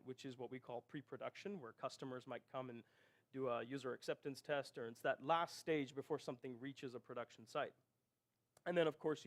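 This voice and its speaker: A man giving a technical conference presentation, explaining step by step and often checking in with the audience. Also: medium pitch. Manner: explanatory, rhetorical "right?" checks. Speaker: conference speaker.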